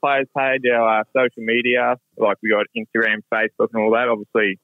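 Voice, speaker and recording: An Australian man from Queensland calling in as a club player, speaking in a relaxed, hesitant way with lots of fillers. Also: medium pitch, a little fast, no room sound. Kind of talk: phone interview. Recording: tinny dry phone line.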